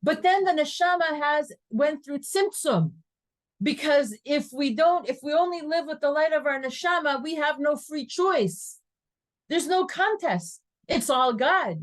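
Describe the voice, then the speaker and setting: Animated woman teaching a class. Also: high voice, a little slow. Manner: animated storyteller, laughs often, sprinkles Hebrew terms. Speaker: Torah teacher. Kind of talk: lively class lecture. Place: classroom with students.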